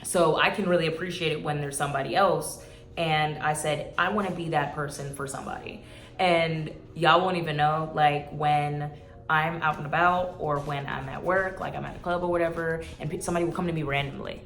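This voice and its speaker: A woman's voice: deep voice, fairly even intonation, a little fast, a bit bright, roomy sound, soft background music. A woman in her twenties talking earnestly to her viewers in a casual vlog, rambling and emotional. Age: 20s. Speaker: YouTuber. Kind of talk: heartfelt vlog talk.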